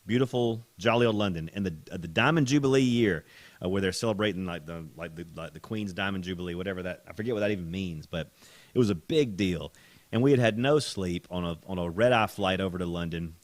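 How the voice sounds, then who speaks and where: A man hosting a podcast, telling a story in a casual, animated way with laughter and repeated words. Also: low voice, quick pace, no room sound. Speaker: podcast host.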